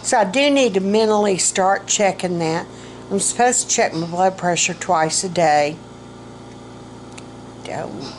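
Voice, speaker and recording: A woman's voice: medium pitch, moderate pace, slight background noise, low-quality recording. A middle-aged woman, vlogging casually about her health, rambling and self-mocking, and short of breath.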